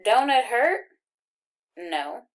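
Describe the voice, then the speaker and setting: A woman's voice: a little high, big pitch swings, exaggerated voice. A woman reading an audiobook, voicing a friendly, boastful country boy from Arkansas with a folksy drawl. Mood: friendly, curious. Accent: rural Arkansas. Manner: folksy drawl, jabbering fast and eager.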